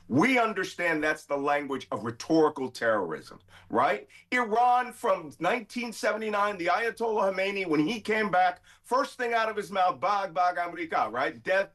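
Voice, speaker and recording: A middle-aged man, a guest commentator arguing emphatically in a heated debate. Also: on the high side. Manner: emphatic, forceful.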